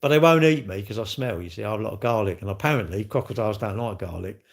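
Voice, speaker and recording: A man chats on a live stream with a gravelly, creaky voice. His pitch swings up and down a lot as he rambles cheekily and answers comments from chat. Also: lively intonation, quick pace.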